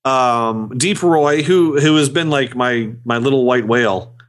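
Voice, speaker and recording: A man's voice: mid-range voice, a little slow, a little hiss or hum. A man co-hosting a podcast, telling convention stories in casual chat with many restarts. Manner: rambling storytelling with many restarts. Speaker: podcast co-host.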